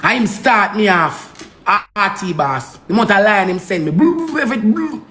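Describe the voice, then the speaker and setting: A Jamaican woman talks straight into her livestream at a mid pitch, scolding and pleading in thick patois. She circles back to the same phrases again and again, and a faint hiss sits under her voice. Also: moderate pace, pushed and bright. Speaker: social media live streamer. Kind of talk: heated livestream rant.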